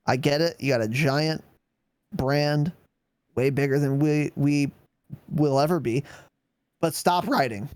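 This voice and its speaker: A man's voice: a little high, animated, slow pace, long pauses, a little mellow, clear, resonant tone, dry recording. A man co-hosting a gaming podcast in casual chat, sarcastic and swearing freely as he mocks corporate statements. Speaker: podcast co-host.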